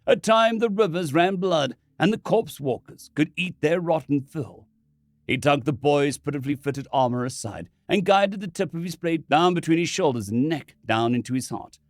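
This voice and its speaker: A man's voice: medium pitch, no room sound, clean studio sound. A man narrating a science fiction story in a dramatic storytelling manner.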